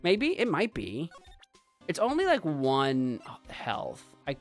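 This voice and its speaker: A man streaming a game, giving playful, animated commentary and bantering with his chat. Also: on the high side, takes it slowly, soft background music. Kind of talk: let's play commentary.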